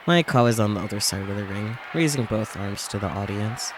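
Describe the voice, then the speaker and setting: Low-voiced man reading a visual novel. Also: fairly even intonation, brisk, background noise. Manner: reads narration, breaks off for casual asides. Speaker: streamer. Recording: game music playing under the voice.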